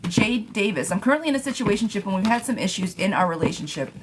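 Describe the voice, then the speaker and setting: Fast and expressive, a young adult woman with a medium-pitched voice reads tarot live from her home. The mood is chatty and casual, with frequent laughs, mild swearing and a noisy background.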